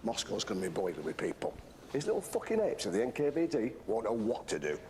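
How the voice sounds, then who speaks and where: Swaggering northern english army man, low voice that swings all over, crude and cocky. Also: huge pitch swings, quick pace, dark tone, a little hiss or hum. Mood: brash. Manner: brash, crude, cheerfully menacing. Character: gruff swaggering middle-aged army war hero. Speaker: film character.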